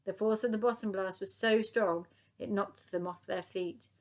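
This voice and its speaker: A woman reading a children's book aloud in a lively, expressive way, chapter by chapter. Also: mid-range voice, normal speed. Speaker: storybook reader.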